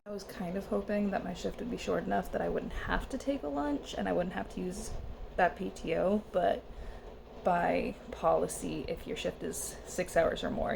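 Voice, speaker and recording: A woman's voice: lowish voice, vocal fry, noisy background. A young adult woman chatting through her day in a casual vlog, rambling with asides. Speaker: vlogger.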